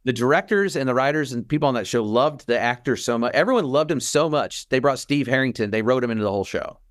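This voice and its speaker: A man co-hosting a podcast in casual chat, animated and quick to act out quoted lines. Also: mid-range voice, dry recording, clean studio sound. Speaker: podcast co-host.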